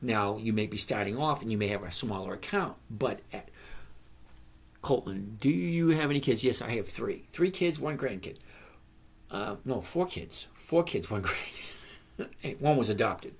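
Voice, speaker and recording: A man's voice: on the low side, animated, moderate pace, husky. Chatty older man answering viewer questions. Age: 60s. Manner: reads viewer questions aloud and answers them by name, rambling and chatty. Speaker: trading educator hosting a live stream. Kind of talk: casual live-stream Q&A.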